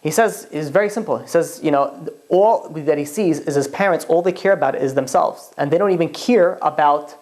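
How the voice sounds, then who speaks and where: A man, a rabbi, teaching a class in a chatty, animated way, telling stories and acting out the quotes. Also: on the high side, moderate pace. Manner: animated, chatty, many fillers and restarts, acts out quotes. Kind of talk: casual classroom lesson with storytelling.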